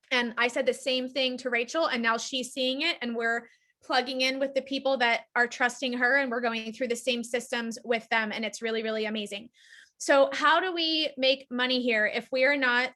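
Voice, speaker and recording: A woman's voice: high-pitched, moderate pace, pushed and bright. A woman leading a group call, giving an upbeat, persuasive sales presentation. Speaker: team leader presenting a business opportunity.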